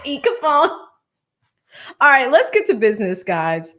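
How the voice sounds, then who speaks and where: A woman hosts a casual livestream, her slightly high voice swinging widely in pitch. She talks at an unhurried pace, laughs often and reads viewer comments aloud. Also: sing-song, fairly bright tone. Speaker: livestream host. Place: Atlanta.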